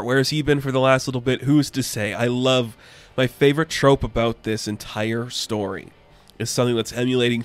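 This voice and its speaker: A man reviewing a comic book in casual video commentary, loose and full of fillers, with wry asides. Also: medium pitch.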